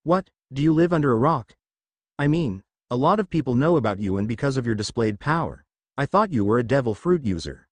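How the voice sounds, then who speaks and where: A man's voice: medium pitch, very animated, fairly quick, no echo. A man voicing a cocky young male bounty hunter who talks down to others with exasperated condescension. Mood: condescending.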